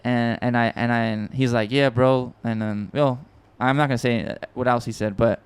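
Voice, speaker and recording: Male podcast host, smooth clear voice, mid pitch; excitable casual storyteller, lots of restarts. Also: normal speed. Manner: excitable, rambling, swears often, many restarts. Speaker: podcast host and music producer.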